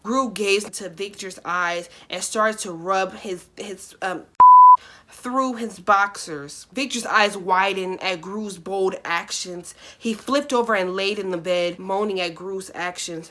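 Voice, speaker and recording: A young woman on YouTube reading fan fiction aloud, breaking off into blunt, sarcastic asides and sudden loud outbursts. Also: medium pitch.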